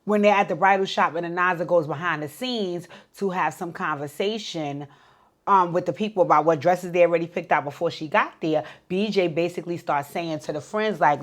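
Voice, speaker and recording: A woman's voice: lowish voice, a little fast. Chatty woman recapping a reality show. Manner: chatty, profane, acts out quotes in voices.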